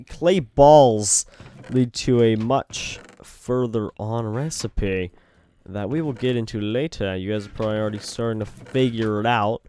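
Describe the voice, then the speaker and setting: A young Canadian gaming video host with a Canadian English accent rambles goofily through let's-play commentary, playing with words as he goes. His voice sits lowish, with a darkish, clear and resonant tone.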